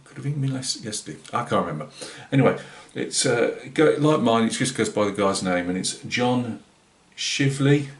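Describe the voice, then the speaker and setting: A man's voice: medium pitch, animated, moderate pace, hardly any pauses. Rambling Northeast English man, roomy sound. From Britain. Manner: rambling and hesitant, many fillers and restarts. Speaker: scale-modelling channel host. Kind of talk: casual vlog chat. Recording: roomy echoey room.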